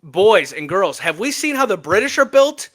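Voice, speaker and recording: Sports podcast co-host, male, high and bright, playful and emphatic. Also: moderate pace. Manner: animated, joking, emphatic trash talk. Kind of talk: casual sports podcast chat.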